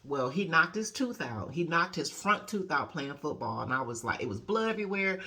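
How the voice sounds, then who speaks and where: Animated woman life coach talking casually. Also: a little fast, hardly any pauses. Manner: animated storyteller, acting out quotes with big pitch jumps; conversational, many "you know" and "okay?" tags. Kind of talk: casual motivational talk.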